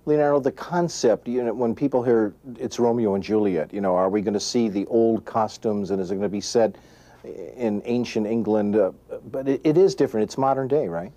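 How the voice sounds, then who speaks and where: A man's voice: on the low side, fairly quick, warm tone. A man interviewing actors, chatty and asking leading questions. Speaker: entertainment interviewer. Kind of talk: friendly press interview.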